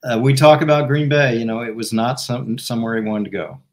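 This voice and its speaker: A man's voice: medium pitch, brisk. A middle-aged man, a former football team executive, telling a story as a guest and acting out the dialogue. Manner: animated anecdote teller who acts out the dialogue. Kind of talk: storytelling in a talk show interview.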